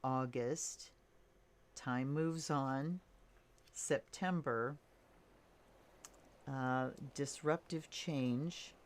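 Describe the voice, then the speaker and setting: A woman reads tarot cards in a relaxed, unhurried voice. Her voice sits low, and she pauses often with fillers as she thinks aloud. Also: a little hiss or hum. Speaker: tarot reader. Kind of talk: casual tarot reading to camera.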